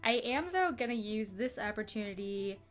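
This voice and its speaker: A woman's voice: mid-range voice, animated, moderate pace. A woman playing a tabletop game, upbeat and counting her dice aloud. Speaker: player. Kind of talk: casual tabletop play.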